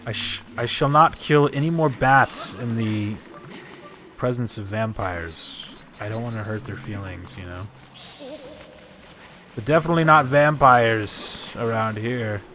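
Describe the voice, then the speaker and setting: A man's voice: mid-range voice, unhurried, bright, forceful tone, slight background noise. A man streaming live gameplay, joking, swearing and rambling in asides.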